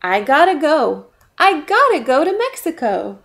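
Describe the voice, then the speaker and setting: A woman gives voice to a small, determined caterpillar in a children's storybook, earnest and chanting her words in a sing-song way. The voice sits high and swoops lively. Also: measured pace, exaggerated voice. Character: determined little female caterpillar turned butterfly.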